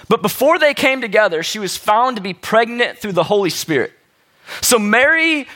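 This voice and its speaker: A man's voice: high voice, bright, forceful tone. A man preaching a sermon in a conversational way, asking the listeners rhetorical questions. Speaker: pastor.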